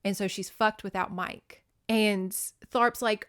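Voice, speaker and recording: A woman's voice: medium pitch, steady tone, slow, fairly bright tone, smooth. A woman hosting a podcast, casually recapping a novel in a chatty, profane way with lots of "like" fillers. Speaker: podcast host.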